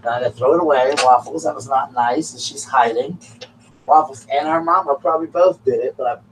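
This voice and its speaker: A man's voice: mid-range voice, a little fast. A man with a Southern US accent hosting a live call-in show, telling a story in a rambling way with lots of fillers. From South Carolina, US. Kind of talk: casual chat. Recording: distant mic with faint background noise.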